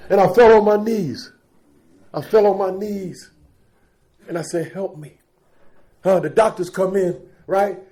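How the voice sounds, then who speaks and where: A man's voice: high-pitched, measured pace, pauses often, mellow. A middle-aged man giving a raw, profane recovery testimony as guest speaker, telling his story and calling out to the crowd.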